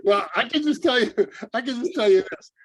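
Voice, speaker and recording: Brief: male podcast host, notably high pitch, playful and chatty with his guest. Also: animated, breathy edge. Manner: joking, quick reactions. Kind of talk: casual podcast interview.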